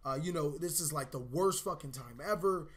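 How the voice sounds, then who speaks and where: A young man hosting a vlog, telling a personal story in a casual, animated way, swearing and acting out his own reactions. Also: on the high side, normal speed. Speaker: channel host.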